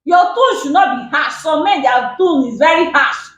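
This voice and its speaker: A woman with a Nigerian accent giving relationship advice on a talk show, animated and emphatic and repeating her points. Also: sits high, moderate pace. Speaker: relationship guest. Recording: roomy echo.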